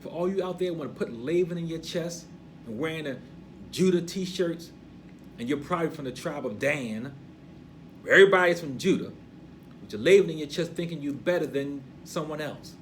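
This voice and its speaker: An older man with a gray beard teaching a Torah portion, emphatic and preachy, dropping to a hush and then rising loud. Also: a little high, normal speed, a little hiss or hum.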